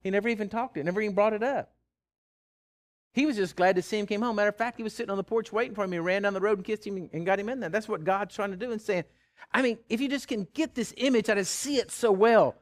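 Animated preacher with swinging pitch. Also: male voice, quick pace. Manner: animated, big pitch swings, stammering repeats, chuckles. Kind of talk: sermon.

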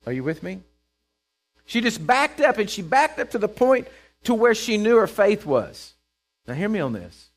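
Man, preaching, chatty and lively, acts out characters. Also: sits high, normal speed. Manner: conversational, checks in with the congregation; acts out Bible characters in quoted voices. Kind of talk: sermon.

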